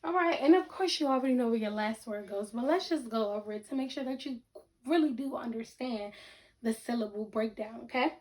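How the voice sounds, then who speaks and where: A woman teaching a reading lesson to children, speaking slowly and deliberately, breaking words into syllables and checking in with the class. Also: a little high, a little mellow. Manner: repeats sentences and checks in with the class.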